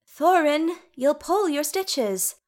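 A woman voicing a wry dwarf queen regent who speaks in a sweetly teasing, lively way. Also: high-pitched, slow, voice pushed up.

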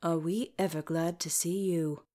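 A woman voicing an older male dwarf advisor who murmurs low and gravely. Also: steady tone, unhurried, dark tone, lightly acted.

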